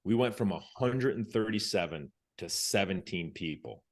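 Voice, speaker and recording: Speaking at a moderate pace in a low, expressive voice, an American ex-Navy SEAL shares a story as a podcast guest. He's laid-back, reenacts what others said, and often restarts mid-phrase.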